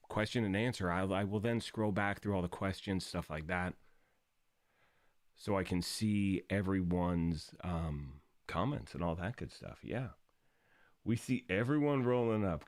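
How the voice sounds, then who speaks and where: A man hosting a gaming live stream in upbeat, casual chat, his voice raspy from the early morning. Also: low-pitched, dry recording, studio quality. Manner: upbeat and chatty, greeting viewers.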